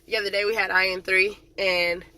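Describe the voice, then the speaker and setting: A woman's voice: mid-range voice, flat delivery, brisk, background noise. A woman drill sergeant chatting casually in a vlog, dramatic and full of fillers.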